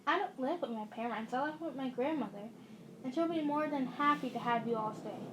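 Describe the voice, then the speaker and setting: Woman doing a cold teen boy, calm monotone, high voice, faint hiss behind. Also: a little fast, lightly acted.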